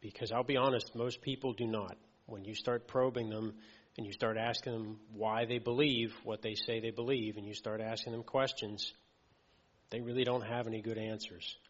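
A man's voice: on the low side, level tone, moderate pace. A man preaching a sermon in an easygoing, conversational way, often checking in with "okay" and "right". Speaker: lay preacher. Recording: muffled audio with long hall reverb.

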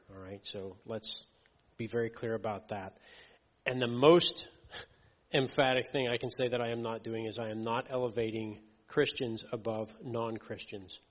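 A man's voice: mid-range voice, a bit bright. A man preaching a sermon in an easygoing, conversational way, often checking in with "okay" and "right". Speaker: lay preacher. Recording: muffled audio with long hall reverb.

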